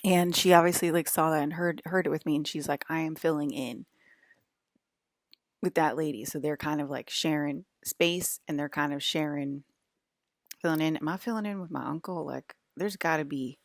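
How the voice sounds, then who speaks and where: A woman with a Southern US accent talks to camera in a loose, rambling vlog. Her voice sits low, and she swears and wanders into paranoid tangents. The sound is dry and close, with no room around it. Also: normal speed, dry recording. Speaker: vlogger.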